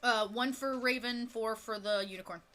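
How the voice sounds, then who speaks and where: A woman running a tabletop game as game master, quick and enthusiastic. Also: a little high, fairly bright tone.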